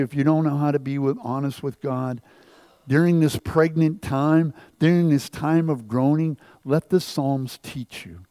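A middle-aged man preaching a sermon from the pulpit, impassioned, dropping to near whispers and then rising to loud exclamations. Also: medium pitch, no echo. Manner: impassioned, swings from hushed to loud. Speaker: pastor. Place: church.

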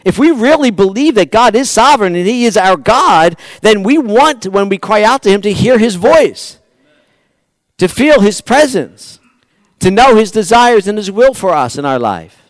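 Animated preaching man, dry close sound. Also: high-pitched, normal speed, no echo. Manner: animated preaching, swinging from loud pleading to hushed asides. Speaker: pastor. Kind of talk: sermon.

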